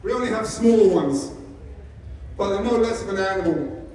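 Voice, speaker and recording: A man's voice: high voice, animated, normal speed, a little mellow. A man, an animal sanctuary founder, giving a humorous public talk with wry, self-deprecating storytelling. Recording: echoey hall, distant mic, faint noise.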